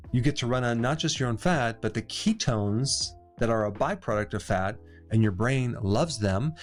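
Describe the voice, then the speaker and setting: A middle-aged man hosting a health explainer, speaking to the camera in a conversational, emphatic way with quick "right?" asides and touches of sarcasm. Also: medium pitch. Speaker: health educator host. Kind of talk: direct-to-camera explainer monologue.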